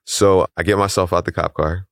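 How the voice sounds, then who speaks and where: A man with a very low voice speaks as an interview guest, recounting a personal story in a calm, measured way. He slips into the voices of the people he quotes. His voice sounds close and dry, with no room echo. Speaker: interview guest, calisthenics league founder.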